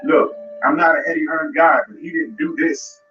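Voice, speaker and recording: A man's voice: fairly high pitch, steady tone, moderate pace. Guy ranting on a boxing stream, calls the fighter out, echoey room, dull sound, music faint underneath. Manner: confrontational, talks straight at the fighter. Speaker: boxing commentary host. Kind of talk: live commentary rant. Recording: roomy, distant, dull sound with music behind.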